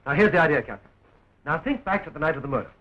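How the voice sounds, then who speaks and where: A man's voice: a little high, animated, very fast, a bit bright. An actor playing a joking young man who fights to free his sweetheart, in early talkie film style, with a dull, scratchy 1920s film sound.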